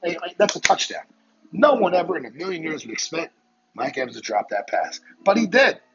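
A man hosting a podcast, delivering a heated, profane solo rant with rapid-fire rhetorical questions. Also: on the high side, sing-song, a bit bright. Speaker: podcast host. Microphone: phone. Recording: muffled lo-fi audio with crowd noise behind.

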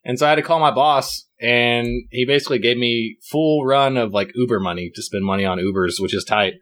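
A man's voice: mid-range voice, fairly quick, a bit bright. A young man telling a rambling story to friends, swearing freely and acting out quotes. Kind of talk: casual chat with friends.

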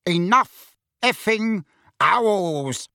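Casting: blustering bully uncle, high and loud, swooping pitch, put on by a male reader. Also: lively intonation, very slow, vocal fry, dry recording, studio quality, full character voice. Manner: loud, roaring and indignant. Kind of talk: audiobook character voice.

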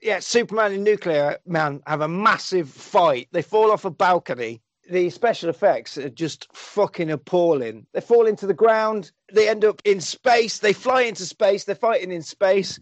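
A man's voice: high voice, moderate pace, few pauses, no echo. A man recapping a film in a casual, exasperated, sarcastic way.

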